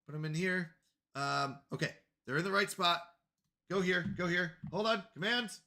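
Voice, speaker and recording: A man's voice: high-pitched, normal speed, bright, forceful tone. A man livestreaming a game, talking casually to his chat in a flustered, apologetic way and repeating himself. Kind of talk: casual live gaming stream chat.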